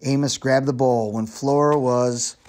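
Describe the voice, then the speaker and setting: A man reads a children's novel aloud in a steady, even storytelling voice. His pitch sits at a typical middle for a man. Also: unhurried. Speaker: reader.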